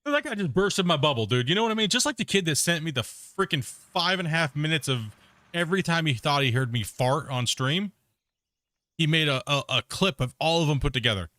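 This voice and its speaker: The host of this live gaming stream talks briskly and with animation, his fairly high voice bright and forceful. Even so, his manner is rambling and laid-back: he laughs at himself and scatters "bro" and "you know what I mean" throughout, all in clean, echo-free studio sound.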